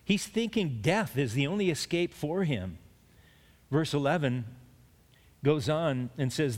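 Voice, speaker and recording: A man's voice: a little high, expressive, a little slow, pauses often, long reverb tail. A man preaching a conversational Bible sermon, restarting sentences often and lifting his voice when he speaks Job's complaints. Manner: plain conversational preaching with frequent restarts, rising when voicing Job. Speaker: pastor. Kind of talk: expository sermon.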